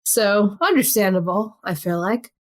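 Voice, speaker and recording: A woman's voice: mid-range voice, lively intonation, unhurried. A woman from the United States co-hosting an archaeology podcast, explaining in a casual, chatty way with frequent laughs and fillers. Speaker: podcast co-host. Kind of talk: casual educational chat.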